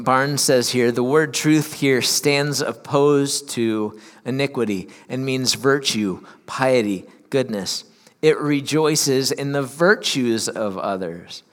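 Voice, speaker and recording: A man's voice: medium pitch, long reverb tail. A male pastor giving a sermon in a church, mixing reading aloud with candid, conversational asides.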